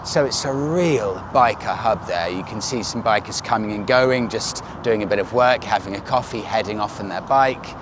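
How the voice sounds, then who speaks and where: A man's voice: fairly low pitch, normal speed, hardly any pauses. A man talking casually as a motorcycle vlogger, telling a story in a chatty way, recorded outdoors by a road. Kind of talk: casual vlog narration. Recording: outdoor noise.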